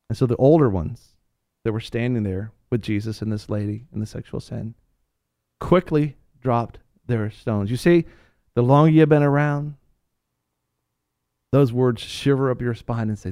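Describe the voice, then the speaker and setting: A man preaching a sermon with passion, swinging between hushed lines and loud ones, addressing his listeners directly as sir and ma'am. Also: medium pitch, fairly quick, creaky, no room sound, clean studio sound.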